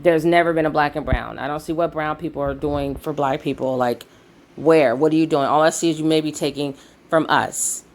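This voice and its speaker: A woman's voice: sits low, steady tone, brisk. A woman giving a blunt, heated opinion vlog, swearing freely. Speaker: video commentator.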